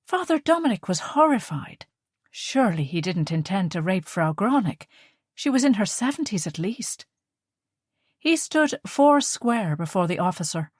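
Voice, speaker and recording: Audiobook narrator: a woman with a lower voice, steady measured reading, dry close sound. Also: no echo.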